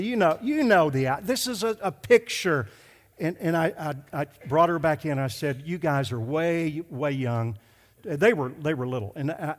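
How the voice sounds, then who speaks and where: A middle-aged male pastor telling a story in a sermon, emphatic and slowing down to stress his points. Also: on the high side. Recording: hall reverb.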